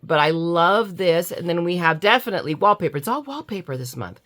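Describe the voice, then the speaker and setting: A woman's voice: lowish voice, animated, brisk, a bit bright. A middle-aged American woman chatting casually while unboxing crafts, gushing and drowsy from allergy medicine. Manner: chatty, gushing, self-mocking, yawning. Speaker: crafting YouTuber.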